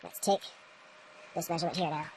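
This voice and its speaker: Brisk, low-voiced woman for a casual hands-on vlog, thinking out loud and grumbling at equipment. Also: noisy background. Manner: rambling, talks to camera while working, mutters at equipment. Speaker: home grower demonstrating light readings.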